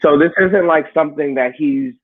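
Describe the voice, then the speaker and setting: A man, a wrestler, talking in a casual interview, telling animated stories and laughing along the way. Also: on the high side, normal speed, breathy edge, dry recording, narrow, tinny audio. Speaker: wrestler guest.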